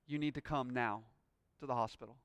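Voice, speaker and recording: A man preaching a sermon, telling a personal story and rising into loud, joyful praise. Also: medium pitch, steady tone, fairly quick, clear, resonant tone, no room sound. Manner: exuberant, shouting praise. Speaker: pastor.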